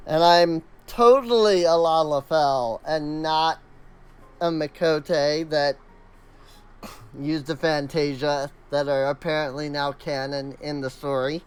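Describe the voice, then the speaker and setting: A man's voice: a little high, steady tone, slow, clear, resonant tone. A man streaming a video game, chatting casually with amused asides. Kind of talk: casual chat while playing a game.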